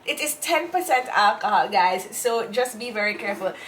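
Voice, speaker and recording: A woman's voice: medium pitch, animated, normal speed, a bit bright, a little hiss or hum. A woman from Jamaica with a Jamaican accent, co-hosting a casual chat and rambling with fillers and restarts. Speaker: co-host.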